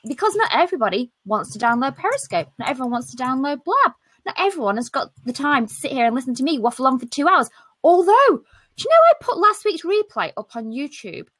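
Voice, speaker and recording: A British woman hosts a live stream over a video call, and her voice rides high and swings widely as she talks. She sounds bright and brash, cracking jokes and throwing in mild swears. The sound is dry and close, with no room behind it. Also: dry recording. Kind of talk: casual live stream chat.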